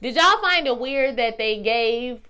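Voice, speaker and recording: Animated woman with a bright, salty voice. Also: unhurried, clean tone. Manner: animated, swings between loud exclaiming and low musing; salty slang, addresses viewers as y'all and baby. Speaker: vlogger reviewing a TV series. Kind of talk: casual chat.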